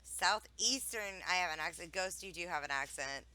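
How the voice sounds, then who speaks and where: A woman from Wisconsin hosts a casual live stream, reading viewer messages aloud and swearing freely. Her voice is bright and crisp. The sound is dry and close. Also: lowish voice, moderate pace, dry recording, poor audio. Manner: profane, laughing, reads chat aloud. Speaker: streamer hosting interview.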